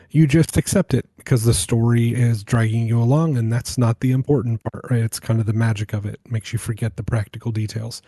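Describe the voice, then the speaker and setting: Mellow-voiced man musing on film. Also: mid-range voice, no echo, clean studio sound. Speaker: podcast panelist. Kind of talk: casual film discussion.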